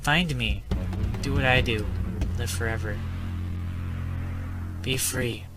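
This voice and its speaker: A solemn, all-knowing deity speaks in slow, weighty pronouncements, voiced by a man reading out a text adventure game. The voice stays close to an everyday man's register. Music plays behind it. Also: medium pitch, close to an everyday voice.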